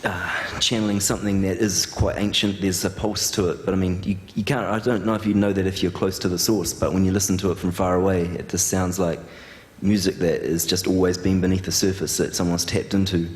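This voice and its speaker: A man's voice: deep voice, flat delivery, fairly quick. A man interviewing a guest on stage, asking hesitant questions with many fillers. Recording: long hall reverb.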